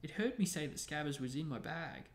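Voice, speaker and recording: A man voicing an angry, hot-tempered teenage boy wizard who shouts indignantly in a storybook reading. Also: on the high side, expressive, a little fast. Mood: resentful.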